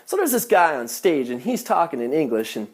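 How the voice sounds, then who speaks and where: A man's voice: a little high, fairly quick. A man telling a comic travel story in a vlog, swearing often and sounding exasperated at his own punchlines. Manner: profane, exasperated, animated punchlines. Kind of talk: comedic storytelling.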